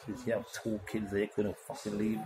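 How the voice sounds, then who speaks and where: A man's voice: fairly low pitch, monotone, a little fast. A man delivering a profane, rambling monologue about his life. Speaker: musician telling his story. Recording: loud background noise.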